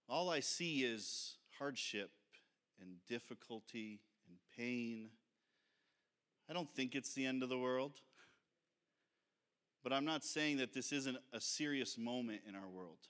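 A man's voice: mid-range voice, lively intonation, a bit bright. A man preaching a sermon as pastor, talking in an earnest, reflective and conversational way. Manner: sings slowly to lead the congregation.

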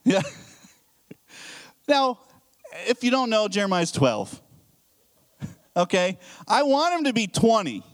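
Male pastor, 30s, high animated voice, casual preaching, banters with the crowd. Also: slow pace, long pauses. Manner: conversational, jokes with the congregation, asks questions. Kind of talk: casual sermon.

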